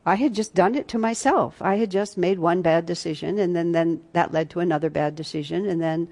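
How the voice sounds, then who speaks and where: A woman's voice: on the low side, fairly quick. A woman leading a spiritual retreat class, telling a story in a conversational way with many restarts. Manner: conversational storytelling, many restarts, shifts between soft and loud. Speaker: retreat teacher.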